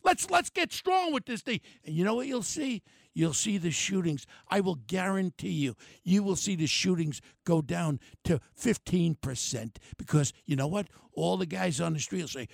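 Older New talk host, gravelly, high-pitched, blunt and ranting; dry close mic. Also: male voice, expressive, moderate pace, no room sound. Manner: blunt, angry, shouting at times. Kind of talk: opinionated talk radio rant.

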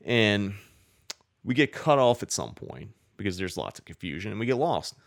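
A man's voice: fairly low pitch, big pitch swings, normal speed, vocal fry. A man casually telling a long, rambling story, cursing often and filling his talk with "like". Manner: rambling, profane, many "like" fillers.

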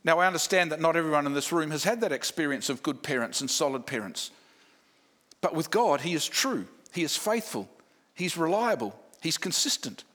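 A man's voice: on the high side, animated, a little fast, a bit bright. A man preaching a sermon, emphatic, building points with repeated lists and rhetorical questions. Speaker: pastor.

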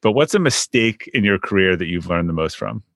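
A man hosting a podcast interview, relaxed and casual, often repeating words as he starts a sentence. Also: fairly low pitch, fairly quick, gravelly, no room sound, studio quality. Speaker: podcast host.

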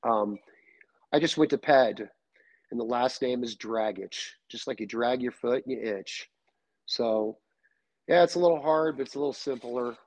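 A middle-aged man with a Serbian accent, a podcast guest telling loose, animated stories in casual chat. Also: medium pitch, normal speed, no echo. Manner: animated, loose storytelling with many fillers.

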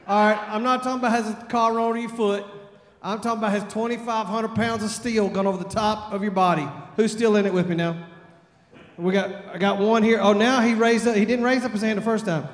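A man from Texas, preaching at a revival and telling a folksy, animated story. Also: high-pitched, fairly quick. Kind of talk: storytelling sermon. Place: church sanctuary. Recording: long church reverb.

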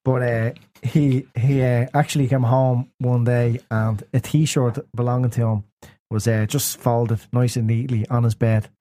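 A man's voice: medium pitch, little pitch movement, measured pace, mellow, no echo. A man with a Dublin Irish accent, co-hosting a podcast in casual banter and telling anecdotes through his own laughter. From Ireland. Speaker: podcast co-host.

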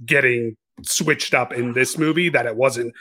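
A man co-hosts a podcast, casually reviewing a film in a mid-range voice that sounds pushed and bright. He speaks unhurriedly but keeps restarting and correcting himself.

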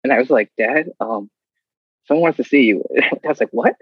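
A man with a husky, slightly breathy voice tells stories casually and acts out other people's lines with energy. The sound is dry and close, in a dull, slightly muffled recording. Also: medium pitch, animated, brisk, no echo. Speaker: guest. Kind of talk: casual storytelling.

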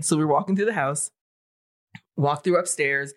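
Animated, swearing woman in her forties. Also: sits low, normal speed, long pauses. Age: 40s. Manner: animated storyteller, swears freely. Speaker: podcast co-host. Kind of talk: casual podcast chat.

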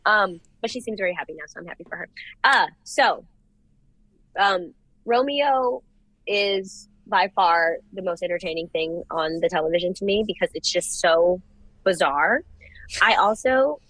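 A young woman co-hosting a casual podcast chat, gushing and animated as she gives her opinions. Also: fairly low pitch, normal speed, no echo, low-quality recording. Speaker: podcast co-host.

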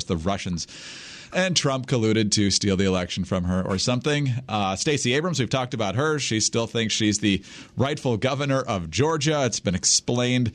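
A man hosting a political podcast, leading the talk in a sardonic, conversational way. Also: mid-range voice. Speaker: podcast host.

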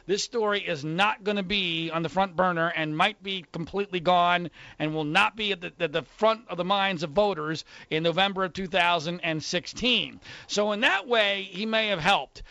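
A man's voice: sits high, pushed and bright, no room sound, lo-fi sound. A man hosting a political radio talk show, opinionated and sarcastic.

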